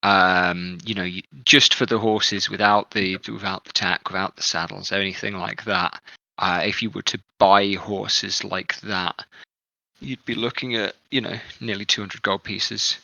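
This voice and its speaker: A man running a tabletop game, his voice very bright and dry as if close to the mic. He narrates loosely, with plenty of fillers. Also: deep voice, fairly even intonation, measured pace, vocal fry, no echo, rough recording. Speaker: game master.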